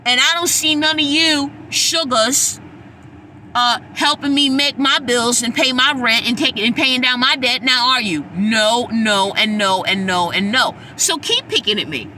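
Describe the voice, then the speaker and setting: A woman's voice: on the high side, measured pace, bright, forceful tone, slight background noise. A woman hosting her own podcast, talking in a blunt, sassy, preachy monologue and swearing freely. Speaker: podcast host. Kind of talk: casual monologue.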